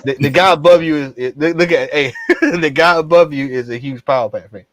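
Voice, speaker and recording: Dude hosting a comics stream, talks fast, dry no-room audio. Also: male voice, on the high side, fairly bright tone, dry recording. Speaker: livestream host. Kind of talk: casual panel chat over a livestream. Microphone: video call.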